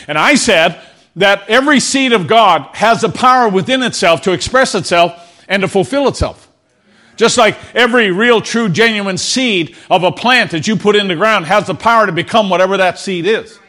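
A man's voice: high-pitched, moderate pace, sharp tone. A man preaching a sermon to his congregation, earnest and prone to repeating words, asking them to answer back. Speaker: pastor. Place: church before a congregation.

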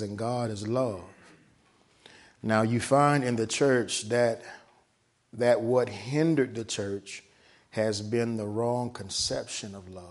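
A man delivers a sermon, reading from a text and explaining it while frequently pausing to ask "right?" His lowish voice moves between hushed and loud, and he stretches out the key words.

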